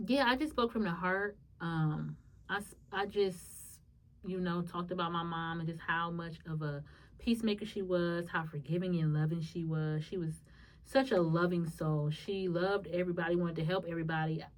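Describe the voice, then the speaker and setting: A woman hosts a solo podcast, sharing a personal story casually and emotionally, calling her listeners y'all. She moves between soft reflection and sudden high, excited bursts at a moderate pace, recorded from a distance.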